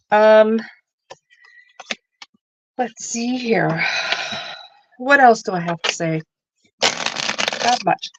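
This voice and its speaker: Gravelly-voiced woman, chatty tarot host. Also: on the low side, noisy background. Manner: chatty and rambling, with many asides. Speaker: tarot reader hosting a live stream. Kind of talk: casual live-stream chat.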